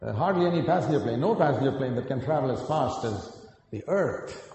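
A man's voice: mid-range voice, animated, normal speed. Preacher, man, in a echoing hall. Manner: earnest, storytelling, rising to emphatic peaks then dropping quiet. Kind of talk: sermon. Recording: echoey hall, picked up from a distance.

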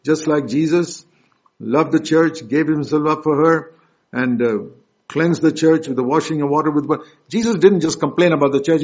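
A man preaching a sermon, emphatic and direct, questioning his congregation, with loud stresses and soft asides. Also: fairly high pitch, brisk. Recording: dull lo-fi recording.

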